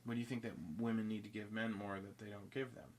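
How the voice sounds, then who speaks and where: A man's voice: fairly low pitch, flat delivery, fast. A man telling a long story in casual podcast chat, rambling and restarting, acting out both sides of the conversation. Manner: rambling, self-interrupting, acts out both sides of dialogue.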